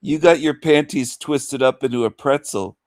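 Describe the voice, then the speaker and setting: A man's voice: mid-range voice, normal speed, darkish tone, no echo, studio quality. A man hosting a livestream rant in a mocking, taunting manner, chuckling between insults. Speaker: livestream host.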